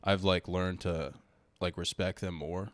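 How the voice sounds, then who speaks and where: Young male comedian, low-pitched, relaxed mumbly delivery. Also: a little slow, dry recording. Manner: laid-back, mumbly, says "dude" often. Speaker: stand-up comedian guest. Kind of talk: casual comedy podcast chat.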